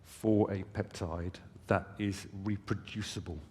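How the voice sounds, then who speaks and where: A man's voice: lowish voice, steady tone, a little slow, warm tone. A man giving a conference presentation, explaining things conversationally with casual asides to the audience. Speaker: company presenter. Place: conference hall stage. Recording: long hall reverb.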